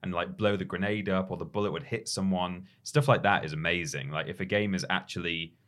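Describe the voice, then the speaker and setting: A man with a very low voice chats on a gaming podcast. He meanders through his story, with plenty of ums and restarts. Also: steady tone, fairly quick, a bit bright. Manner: meandering, filler-heavy. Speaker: podcast co-host. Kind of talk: casual chat.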